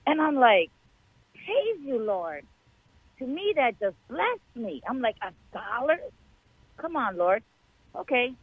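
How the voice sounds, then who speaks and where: A woman telling a personal faith story to a church show host in a chatty, animated way. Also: on the high side, slow, slightly rough, no echo. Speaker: guest caller sharing a testimony. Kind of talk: casual testimony. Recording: tinny phone line.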